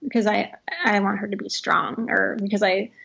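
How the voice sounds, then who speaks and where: Author guest, woman in her thirties; fry-heavy, rambling and warm-hearted candor, lo-fi audio. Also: mid-range voice, flat delivery, moderate pace. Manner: heavy use of "like", frequent restarts, laughs often. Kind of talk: reflective interview conversation.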